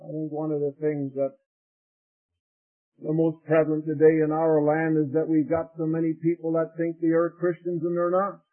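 Male revival preacher, fervent and folksy, slightly high voice, thin narrow old radio sound. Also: monotone, moderate pace. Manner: fervent, rising to loud impassioned peaks; folksy storytelling. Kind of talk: revival sermon.

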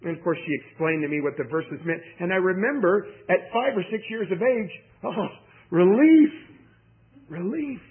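A man's voice: sits high, a little fast, few pauses. A man preaching a sermon, emphatic, with personal stories and impassioned questions to the congregation. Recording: tinny phone-like audio.

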